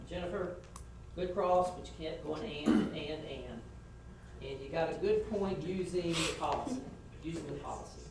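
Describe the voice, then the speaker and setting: A man's voice: high voice, noisy background. A middle-aged man, frankly critiquing students after a mock trial. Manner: frank, folksy, acts out example questions. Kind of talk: spoken feedback to students. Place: classroom. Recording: echoey classroom from far off.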